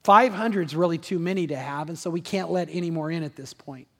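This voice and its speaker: Male pastor, high-pitched and fervent, preaching live in a reverberant sanctuary. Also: a little fast. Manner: impassioned preaching that rises in pitch and volume, then drops to a soft prayer. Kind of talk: sermon. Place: large church auditorium.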